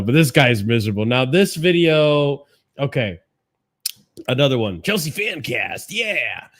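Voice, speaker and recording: A man hosting a casual reaction stream, mocking and profane, swinging between low mutters and loud outbursts into a desk microphone. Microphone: desk microphone, clipping when loud.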